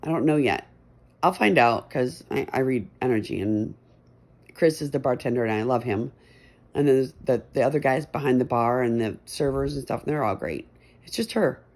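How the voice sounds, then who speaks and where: Gravelly-voiced middle-aged woman rambling. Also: rumbling low, normal speed, a little mellow. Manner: chatty, meandering, self-deprecating. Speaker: vlogger. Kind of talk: rambling casual chat. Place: messy bedroom at home.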